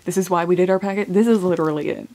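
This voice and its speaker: A young woman, a college student, whispering softly through a casual unboxing vlog, giggling often and swearing offhandedly. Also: on the low side, fairly even intonation, very fast. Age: young adult.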